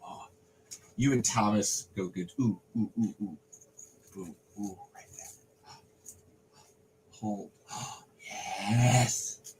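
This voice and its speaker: A man's voice: on the low side, extremely slow, pauses often, a little mellow, a little hiss or hum, poor audio. A man hosting a casual livestream, rambling with frequent restarts, swearing and laughing. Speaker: podcast host.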